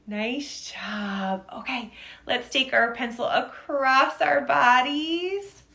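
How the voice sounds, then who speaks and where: A woman leads children through a stretching warm-up with a slightly high voice, coaxing and counting along. She speaks slowly, and the room around her adds a noticeable echo. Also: gravelly. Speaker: reading teacher. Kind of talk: leading a movement warm-up for children.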